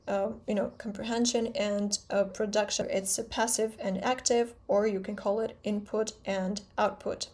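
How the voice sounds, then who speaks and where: A woman's voice: mid-range voice, darkish tone. A young woman whose first language is Russian, speaking English with a British accent in a chatty, candid vlog lesson, often correcting herself as she explains. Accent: British English with a Russian background. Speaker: language teacher and vlogger.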